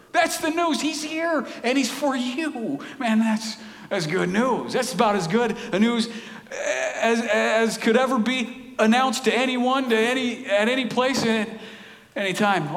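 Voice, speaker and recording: A man's voice: sits high, a bit bright. A male pastor preaching a sermon in an earnest, conversational way, often restarting his phrases and asking the listeners questions. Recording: echoey hall with long reverb.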